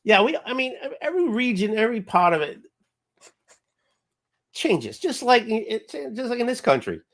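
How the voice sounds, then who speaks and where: A man's voice: very high voice, big pitch swings, moderate pace, fairly bright tone. A man in casual chat, emphatic and insistent when arguing a point.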